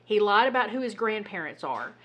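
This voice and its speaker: Woman co-host, husky, worked-up chatty delivery, mid-range voice. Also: medium pitch, a little fast. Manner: animated, exasperated storytelling with swearing. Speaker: podcast co-host. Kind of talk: casual chat.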